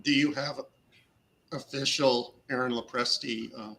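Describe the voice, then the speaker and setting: A man's voice: mid-range voice, steady tone, a little slow, sharp tone, a little hiss or hum. A man moderating a casual chat, teasing and joking with a laugh.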